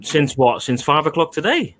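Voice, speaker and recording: A man's voice: fairly high pitch, big pitch swings, moderate pace, fairly bright tone. A man with a Liverpool accent, chatting as a guest on a live stream, boisterous, tipsy and swearing heavily. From Liverpool, England. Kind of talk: casual chat.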